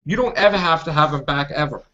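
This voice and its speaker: A man's voice: a little high, quick pace, bright, forceful tone. A man hosting a fan podcast, ranting with indignation and repeating himself as he complains. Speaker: podcast host. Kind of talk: heated fan podcast discussion. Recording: lo-fi podcast audio.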